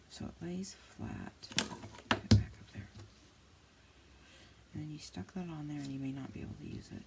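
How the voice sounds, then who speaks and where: A woman's voice: deep voice, normal speed, gravelly, long pauses, very noisy. A woman hosting a casual crafting tutorial, chatting and thinking aloud, muttering to herself as she works. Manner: chatty, mutters and scolds herself while working. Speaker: crafting channel host.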